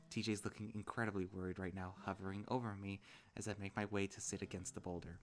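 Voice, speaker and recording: Low-voiced man reading a story casually. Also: level tone, fast talker. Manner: casual, self-commenting. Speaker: visual novel reader. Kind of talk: reading a visual novel aloud.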